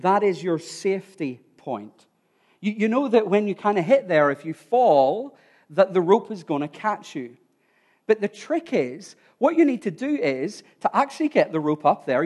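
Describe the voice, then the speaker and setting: A man preaching in a relaxed conversational way. He tells a story to his congregation and often restarts his words. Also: fairly high pitch. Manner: informal, restarts words, addresses listeners directly.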